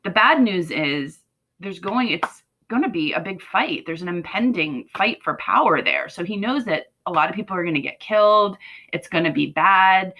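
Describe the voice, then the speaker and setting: A woman teacher talking casually through a play for her students, often checking in with "right?" and retelling scenes in lively paraphrase. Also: lowish voice, moderate pace, low-quality recording. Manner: conversational, asks "right?" often, paraphrases lines in lively quotes.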